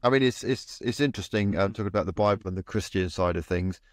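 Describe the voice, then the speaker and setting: Low-voiced co-host. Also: male voice, fast talker, no room sound, clean studio sound. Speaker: podcast co-host. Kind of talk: casual conversation.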